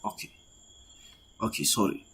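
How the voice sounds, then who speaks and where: A man's voice: normal speed, a bit bright. A man teaching an online Arabic grammar lesson, reading Arabic sentences and explaining them in English with frequent "okay" checks. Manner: reads Arabic text then translates and explains it in English.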